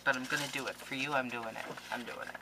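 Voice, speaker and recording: A woman's voice: a bass voice, steady tone, fast, background noise. A woman scrapbooking vlogger opening a package on camera, gushing and playfully melodramatic in a casual chat. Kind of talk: casual unboxing vlog.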